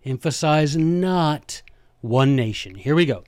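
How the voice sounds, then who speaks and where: A man hosting a jokey history lesson, talking playfully and emphatically with quick asides, close to the microphone. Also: medium pitch, animated, darkish tone, dry recording. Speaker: host.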